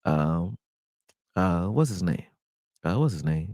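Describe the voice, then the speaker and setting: Deep, gravelly, and slow, with frequent pauses, a young man's voice carries a casual, profane breakdown of football game film delivered straight to his viewers. He's animated and exasperated and calls them y'all. Recorded on a close desktop mic with screen sharing, it's studio quality with no room sound.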